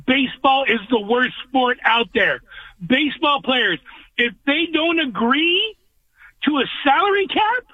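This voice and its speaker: A male caller with a very high voice comes through a tinny, dry phone line. He rants in an emphatic, animated way as he lays out his points. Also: a little slow, slightly rough, dry recording. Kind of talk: ranting call-in chat.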